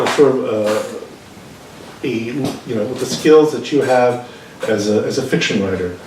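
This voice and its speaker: Halting male interviewer, echoey room. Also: mid-range voice. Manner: halting, searching questions full of fillers. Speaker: interviewer and managing editor. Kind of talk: live onstage interview. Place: bookstore event space. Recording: very echoey room, mic far off, faint noise.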